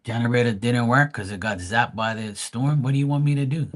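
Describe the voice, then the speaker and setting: A man's voice: mid-range voice, brisk. A man from Bermuda hosting a live tarot stream, ranting bluntly and profanely in casual chat.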